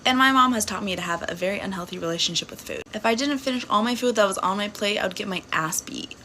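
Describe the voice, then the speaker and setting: A woman's voice: medium pitch, fast, sharp tone, rough recording. A young woman in her twenties telling her story to camera in a loose, casual way. She is blunt and sassy and swears freely. A faint background hiss sits under her voice. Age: 20s.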